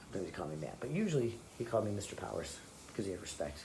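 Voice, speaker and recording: Low-voiced man rambling through a comic story. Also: big pitch swings, racing, darkish tone, a little hiss or hum, low-quality recording. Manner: loose, rambling, full of fillers and restarts.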